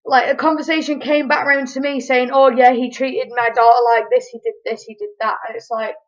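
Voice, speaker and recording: Young woman vlogger, high-pitched, animated casual storytelling. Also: muffled recording. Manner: animated, chatty, quick asides.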